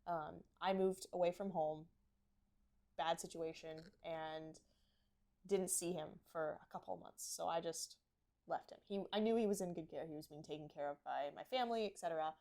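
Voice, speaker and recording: A woman's voice: on the low side, moderate pace, creaky, warm tone. A woman co-hosting a casual horse podcast, telling a personal story in a heartfelt, emotional way. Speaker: podcast co-host.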